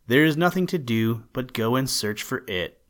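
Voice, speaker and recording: A man voicing an old, white-haired male pixie fiddler in a storybook, speaking slowly and solemnly. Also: mid-range voice, expressive, a bit bright, natural voice. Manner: slow, solemn.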